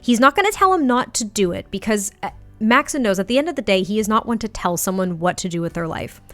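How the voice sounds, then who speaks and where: A woman doing let's play commentary on a life-sim game, animated and dramatic in her reactions. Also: mid-range voice, fast talker, no room sound, faint music behind. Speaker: gaming YouTuber.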